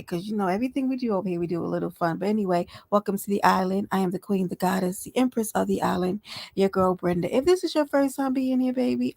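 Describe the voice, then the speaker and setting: Chatty, creaky-voiced woman livestreamer. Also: mid-range voice, darkish tone. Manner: chatty, affectionate, talks straight to viewers. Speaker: livestream host. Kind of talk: casual live-stream chat.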